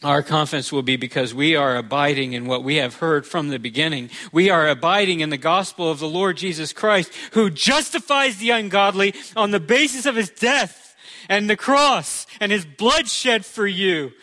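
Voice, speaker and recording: A man's voice: fairly high pitch, moderate pace, bright, forceful tone. A male pastor preaching a sermon in a conversational way, with touches of humor.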